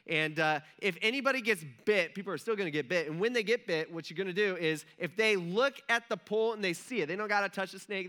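A male pastor with a high-pitched, bright, forceful voice tells a story from the pulpit. His delivery is loose and chatty, and he slips into quick acted-out lines of dialogue. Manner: conversational, chatty, acts out quotes, frequent "like". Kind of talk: casual storytelling sermon.

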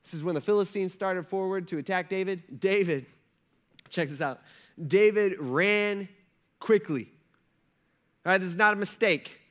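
Male pastor, high voice, chatty storytelling sermon delivery. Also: normal speed, long pauses. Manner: animated, conversational storytelling with many fillers.

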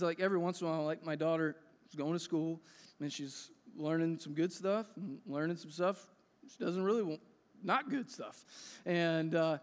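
A man preaching a sermon as a pastor in a church hall. He talks in an earnest, conversational way and builds to emphatic peaks. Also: on the high side. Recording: echoey hall reverb.

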